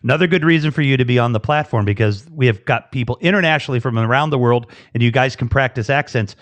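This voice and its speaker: A man's voice: medium pitch, fast talker, no room sound, muffled recording. A man hosting a live online interview, enthusiastic and rambling, joking with his guest. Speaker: host. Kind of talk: casual live interview chat. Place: video call.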